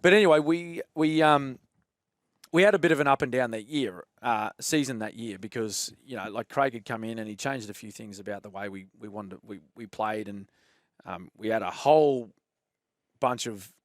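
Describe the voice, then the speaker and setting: An Australian man in his forties tells footy stories with lively energy and frequent laughs. His voice sits in a middle range and is recorded close and dry, with no room sound around it. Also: mid-range voice, moderate pace, dry recording. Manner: animated, laughs often, says "mate" a lot. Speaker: podcast guest, former rugby league player. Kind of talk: casual storytelling chat.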